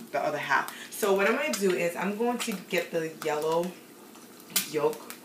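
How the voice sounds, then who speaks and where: A woman's voice: low-pitched, recorded from a distance, noisy background. A young woman talking casually through a cooking tutorial in her home kitchen at night, rambling with many fillers. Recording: echoey kitchen, voice away from the mic, clear cooking clatter. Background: pans, dishes and frying sounds.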